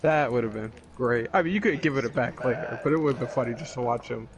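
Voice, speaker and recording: A man's voice: mid-range voice, fast. A young man, likely the game master, chatting casually and jokingly with fellow tabletop players, full of fillers.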